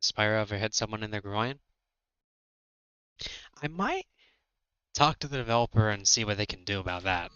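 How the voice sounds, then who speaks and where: A man's voice: fairly low pitch, fast talker, few pauses, smooth, no echo, highs cut off. A man in his thirties chatting casually and a bit ramblingly while livestreaming a fan game. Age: 30s. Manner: relaxed, rambling, with fillers. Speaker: streamer. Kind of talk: casual gameplay livestream commentary.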